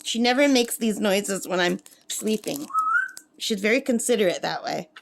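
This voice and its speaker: A woman's voice: mid-range voice, lively intonation, normal speed, vocal fry, noisy background. A woman chatting casually to camera at a lakeside camp, laughing often and cooing at her pet bird. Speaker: craft vlogger.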